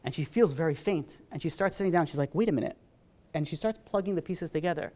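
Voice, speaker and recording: Male rabbi, lively sermon storyteller, acts out the dialogue. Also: fairly high pitch, quick pace. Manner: animated, acts out dialogue, many fillers.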